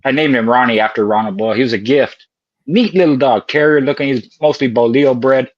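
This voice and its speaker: A man's voice: mid-range voice, a little fast, dry recording. Folksy older male co-host, laughing storyteller, very dry close sound, muffled. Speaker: podcast co-host. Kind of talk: casual storytelling chat.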